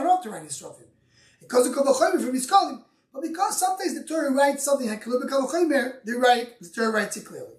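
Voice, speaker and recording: A man teaching a Talmud lesson, reading Aramaic lines and explaining them in English, often restarting his sentences. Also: extremely high pitch. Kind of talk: Talmud study lecture. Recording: echoey room, voice from far off.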